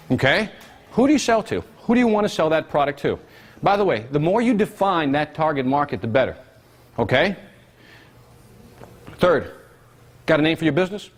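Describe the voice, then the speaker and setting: A man presenting a live business seminar to an audience, energetic, constantly quizzing the room with questions. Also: on the high side.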